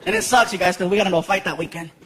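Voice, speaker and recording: A man in his thirties doing stand-up comedy, telling stories in an animated way and acting out voices. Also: sits high, very fast. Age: 30s. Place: live comedy venue with audience. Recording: noisy live show recording.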